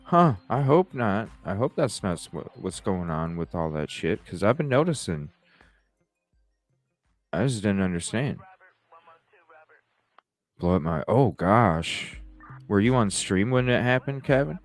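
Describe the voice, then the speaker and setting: A man's voice: fairly low pitch, very animated, measured pace, pauses often, faint music behind. A man hosting a live call-in talk stream, chatting casually with viewers, rambling, swearing freely and laughing often.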